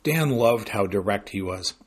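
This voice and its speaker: A man reading a novel aloud as narrator in a dry, unhurried way. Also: on the low side, animated, slightly rough. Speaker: audiobook narrator. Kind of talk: scripted narration.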